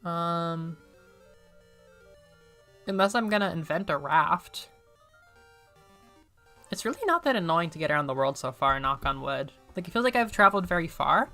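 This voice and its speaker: A woman talking through her gameplay in a chatty, excitable way, joking at her own expense as she goes. Her voice sits fairly low for a woman but swings widely, with a bright, forward tone. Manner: chatty, excitable, self-deprecating. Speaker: streamer. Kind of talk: casual gameplay commentary.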